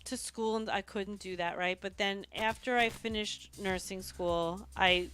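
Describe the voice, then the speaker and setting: A woman's voice: mid-range voice, steady tone, unhurried, a bit bright. A woman with a New York accent hosting a casual live call-in stream, telling a personal story in a loose, swearing manner. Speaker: host.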